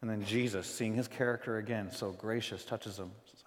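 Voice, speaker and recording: A man preaching a sermon as pastor, conversational, swinging between loud emphasis and hushed moments, recorded in a church sanctuary. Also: fairly low pitch, steady tone, fairly quick, few pauses, big-room sound.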